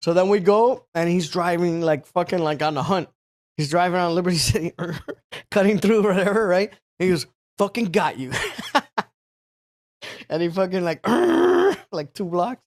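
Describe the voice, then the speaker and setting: Host, male, high pitch, rambling profane anecdote with lots of "like" and acted-out bits. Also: normal speed. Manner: rambling, profane, full of filler words; animated, acts out other people. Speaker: podcast host. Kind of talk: casual storytelling.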